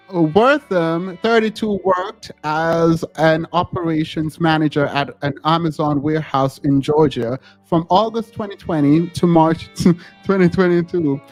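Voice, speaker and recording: A man's voice: fairly high pitch, slow, soft background music. A male podcast host chatting casually and reading a news story aloud. He giggles often and stammers through restarts.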